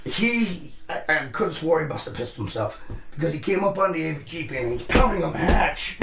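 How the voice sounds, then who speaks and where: A man's voice: on the high side, animated, a little fast, gravelly, reverberant, a loud crowd. A man telling a rambling military story in casual chat, swearing constantly and acting out the voices of the people in it. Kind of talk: casual profane war storytelling. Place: live show room.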